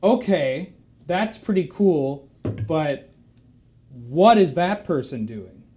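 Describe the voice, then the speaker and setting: A loyal cow friend, easily amazed and quick to get excited, as a man telling a long joke puts him on. The voice is slightly high and plain, barely changed from the teller's own. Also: a little hiss or hum. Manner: amazed, enthusiastic.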